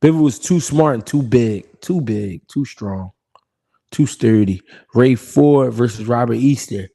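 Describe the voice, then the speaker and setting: Gravelly and mellow, this mid-range male voice runs a little slow. He's the host of a live boxing chat stream, laid-back and full of slang, reading viewers' comments, laughing often and repeating himself.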